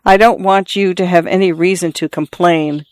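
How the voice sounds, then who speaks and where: A man's voice: high voice, steady tone, normal speed, no room sound, clean studio sound, lightly acted. A shy, dutiful young peasant man, in a reader's own voice. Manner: hesitant, plain-spoken.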